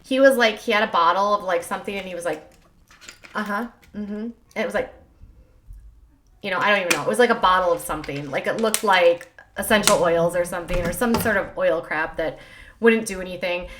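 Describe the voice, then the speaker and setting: A woman hosting a casual livestream, chatting fast and loosely with lots of filler words. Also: lowish voice, noisy background. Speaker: host.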